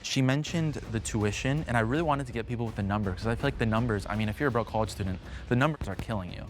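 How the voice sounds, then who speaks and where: A man's voice: on the low side, racing, background noise. A man politely asking pointed questions on a show. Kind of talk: probing questions and confessional interview. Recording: video audio with music behind.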